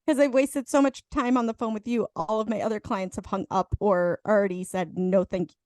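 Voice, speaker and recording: A woman co-hosting a casual movie review chat over drinks, throwing in quick quips and bits of trivia. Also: mid-range voice, steady tone, a little mellow, no room sound. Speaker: co-host of a movie review show.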